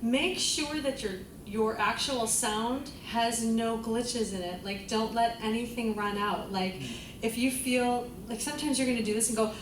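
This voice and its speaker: A woman's voice: a little high, a little slow, noisy background. A woman vocal coach leading a group singing class, encouraging the students and singing vowels to demonstrate. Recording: roomy, distant mic, loud music.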